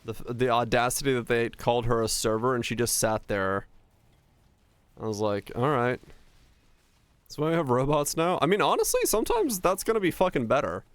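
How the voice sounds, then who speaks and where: A man's voice: medium pitch, big pitch swings, a little fast, no echo. A young man live-streaming from home, ranting in an easygoing, profane way to his viewers. His voice sits mid-range and comes across close and dry, with no room sound around it. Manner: ranting, swears freely, chats with viewers. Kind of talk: casual live-stream chat.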